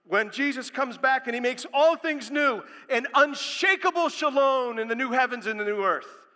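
A man preaching a sermon as pastor, speaking emphatically and building to loud proclamations. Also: extremely high pitch, moderate pace, few pauses, long reverb tail.

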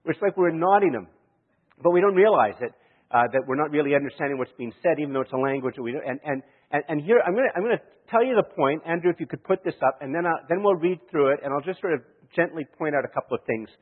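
Male preacher, storytelling sermon style, husky, heard through a thin lo-fi recording in a reverberant hall. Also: a little high, lively intonation, fast. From Canada. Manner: storytelling, chuckling, many restarts. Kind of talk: sermon with anecdotes. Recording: echoey hall, tinny lo-fi sound.

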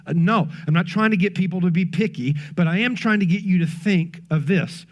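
A man with a high voice preaches earnestly to his congregation. He drops into quiet, hushed stretches between emphatic lines and talks to the listeners directly in casual asides. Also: fairly quick, few pauses. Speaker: pastor. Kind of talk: sermon.

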